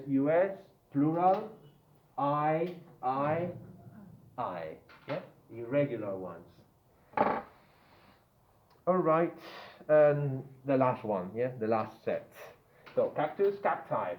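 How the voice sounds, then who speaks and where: Slow-talking man drilling pronunciation, tinny echo. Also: mid-range voice, a little hiss or hum. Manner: repeats words slowly for pronunciation drills, often asks "yeah?". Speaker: English teacher. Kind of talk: online grammar lesson. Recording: tinny phone-like line in an echoey room.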